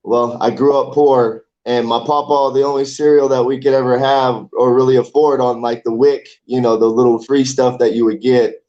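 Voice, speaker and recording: A man's voice: medium pitch, little pitch movement, normal speed, few pauses, mellow. Rambling man with dull lo-fi sound. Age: 40s. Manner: loose, rambling, swears casually. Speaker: amateur MMA fighter, guest. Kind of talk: casual interview chat.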